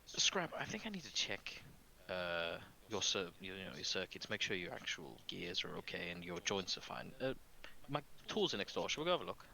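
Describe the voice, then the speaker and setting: A man's voice: low-pitched, a little fast, gravelly. A man in a tabletop role-playing game, swapping between his character and narration, swearing freely. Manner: swears freely, banters loudly. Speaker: player.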